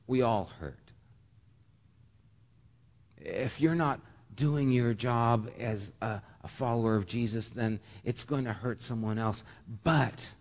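A man's voice: on the low side, a little mellow. A man preaching as pastor, earnest and heartfelt, often stammering and repeating words. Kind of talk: sermon. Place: church sanctuary. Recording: long reverb of a church hall.

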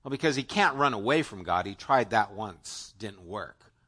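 A male pastor preaching an earnest, conversational sermon, talking straight to the congregation and swinging between emphatic lines and hushed asides. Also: lowish voice, lively intonation, moderate pace, breathy edge.

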